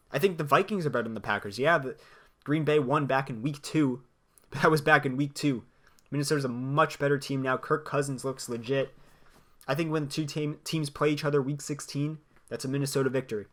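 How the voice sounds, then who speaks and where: A young man hosting a solo sports podcast. He gives blunt opinions in a lively way and laughs between his points. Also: medium pitch. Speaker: podcast host.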